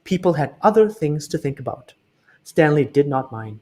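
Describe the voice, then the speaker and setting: A man reading a children's book aloud in an expressive way, slowing down for emphasis. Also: on the high side. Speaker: reader.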